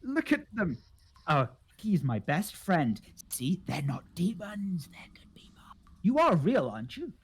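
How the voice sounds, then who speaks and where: A player voicing a lonely, odd woman gardener who lives underground, with a gasping, high, breathy voice. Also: big pitch swings, measured pace, heavily acted. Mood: excited.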